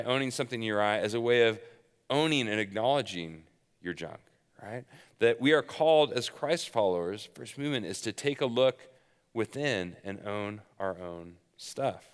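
A man's voice: mid-range voice, a bit bright, clean tone. Man preaching in a reverberant hall. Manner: conversational storytelling with self-deprecating humor. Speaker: pastor. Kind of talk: sermon.

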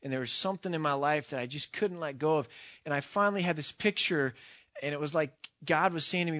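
A man's voice: fairly high pitch, fairly quick, a bit bright, no echo, studio quality. A man reading a storybook passage aloud, then speaking earnestly and reflectively in a sermon.

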